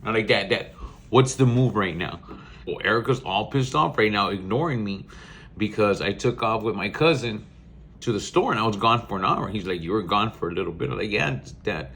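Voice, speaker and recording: A man's voice: on the low side, expressive, fairly quick, gravelly, a bit bright. A young man with a South Texas accent, hosting a podcast and telling a story in casual, slangy talk with Spanish words mixed in. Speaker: podcast host.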